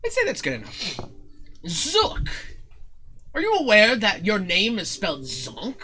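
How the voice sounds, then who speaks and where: A man's voice: sits high, wildly swooping pitch, a little slow, bright, forceful tone, slight background noise, voice pushed up, heavily acted. A man voicing a pompous male showman who speaks with grandiose, patronizing politeness. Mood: smug.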